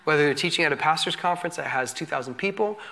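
Bright, high-voiced male pastor teaching. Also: fast, creaky. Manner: candid, self-deprecating, animated storytelling with laughs. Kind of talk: sermon teaching.

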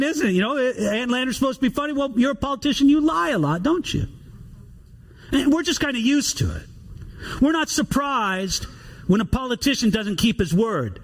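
A man preaching a sermon, reading scripture aloud and explaining it in an animated way. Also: very high-pitched. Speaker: pastor.

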